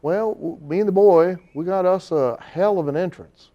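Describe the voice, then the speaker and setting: A man's voice: high voice, mellow, highs cut off, pitched above the performer's own voice, natural voice. A man doing a drawling small-town promoter. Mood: drawling, apologetic. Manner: slow, drawling, apologetic, with rustic grammar. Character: short, fussy small-town male wrestling promoter in a cowboy hat.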